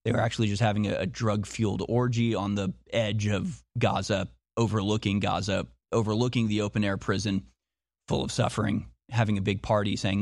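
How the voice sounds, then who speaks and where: A man's voice: lowish voice, darkish tone, no echo, studio quality. A man talking in a monologue, insistent, firing off repeated rhetorical questions and often restarting his sentences. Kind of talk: monologue commentary.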